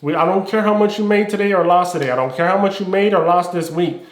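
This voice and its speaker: A man's voice: high voice, fast talker. A man giving a blunt, slangy coaching talk on trading, preaching his points. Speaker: trading mentor. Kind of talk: direct-to-camera coaching talk. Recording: roomy echo.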